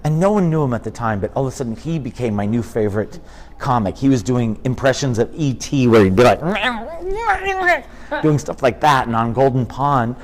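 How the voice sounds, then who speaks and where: Animated middle-aged comedian telling stories. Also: male voice, medium pitch, a little fast. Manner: animated storyteller, drops into impressions. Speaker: comedian guest. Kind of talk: casual interview chat.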